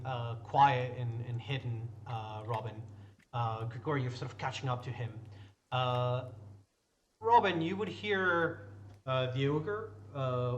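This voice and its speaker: A man's voice: medium pitch, fairly bright tone, a little hiss or hum. A man narrating a tabletop game as game master, rambling loosely with restarts and the odd curse. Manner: rambling, full of restarts and fillers, loose and profane.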